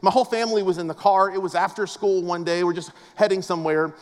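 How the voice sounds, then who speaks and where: High-voiced joking pastor in a reverberant hall. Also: male voice, steady tone, fast talker. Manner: casual, joking storyteller with a preaching cadence. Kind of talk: humorous conversational sermon. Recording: long reverb of a large hall.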